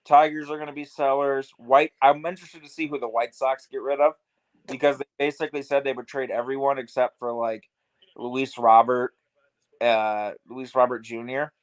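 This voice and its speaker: A man's voice: medium pitch, little pitch movement, normal speed, no room sound, poor audio. A man co-hosting a casual baseball watch-along podcast, talking loosely and filling his sentences with "like.". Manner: loose and chatty, lots of "like" fillers. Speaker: podcast co-host. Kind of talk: casual sports chat.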